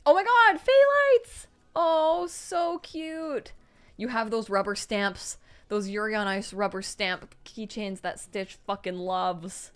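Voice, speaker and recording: A young woman hosts a live stream, reading viewers' messages and reacting to each one with gushing excitement. Her voice leaps up and down constantly, sliding from soft murmurs to sudden bright squeals. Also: mid-range voice, slow pace, smooth. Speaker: livestream host.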